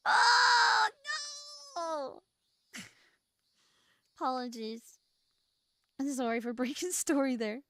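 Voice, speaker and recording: A woman streaming a game live, excitable and giggly, breaking into shouts and laughter as she plays. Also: a little high, slow pace, pauses often, no room sound. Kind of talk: live gameplay commentary.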